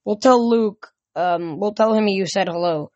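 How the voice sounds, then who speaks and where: A woman's voice: medium pitch, measured pace, darkish tone, muffled recording, natural voice. A woman voicing a polite, uneasy teenage boy in her own plain voice while reading a novel aloud.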